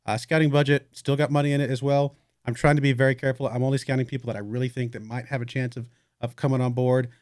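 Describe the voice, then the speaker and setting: A man's voice: medium pitch, fast, no room sound, studio quality. A young man hosting a let's play, casually talking through his game with rambling asides, fillers and the odd yawn. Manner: relaxed, rambling, yawning, thinking aloud with fillers. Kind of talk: casual gameplay commentary.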